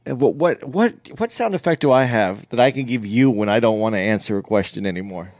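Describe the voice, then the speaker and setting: A man's voice: medium pitch, lively intonation, brisk, a little mellow, dry recording, clean studio sound. A man co-hosting a comedy podcast, chatting casually and stammering through restarts. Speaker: podcast co-host. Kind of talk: casual chat.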